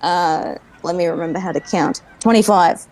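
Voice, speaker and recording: A woman's voice: lowish voice, moderate pace, a little mellow. A woman playing a tabletop game, speaking hesitantly with frequent laughs. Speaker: player. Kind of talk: casual tabletop play.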